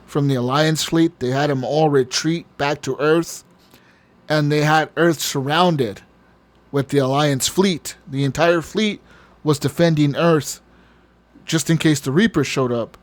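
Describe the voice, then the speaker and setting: A man's voice: on the high side, a little slow. A man co-hosting a podcast, telling a long story in casual chat, rambling and profane, often laughing. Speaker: podcast co-host.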